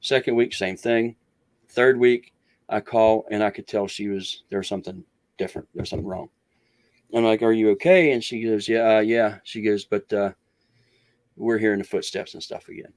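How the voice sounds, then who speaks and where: A man's voice: fairly low pitch, fairly even intonation, normal speed, a little mellow. A man telling a long story as a guest in an interview, rambling with many restarts and acting out what others said. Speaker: guest researcher.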